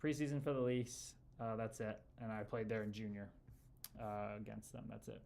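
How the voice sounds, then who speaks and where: A man's voice: lowish voice, flat delivery, moderate pace, vocal fry, darkish tone. Laid-back man chatting on a livestream. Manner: laid-back and chummy, calls viewers brother and dude. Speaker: livestream host and former hockey player. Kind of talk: casual livestream chat, reading viewer comments aloud.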